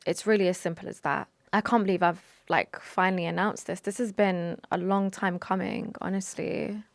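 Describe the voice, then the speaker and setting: A woman's voice: fairly low pitch, steady tone, normal speed, no echo. Earnest young woman, dry close sound. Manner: earnest and emotional, with sighs and restarts; mixes in Arabic religious phrases. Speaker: vlogger. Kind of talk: personal confessional talk to camera.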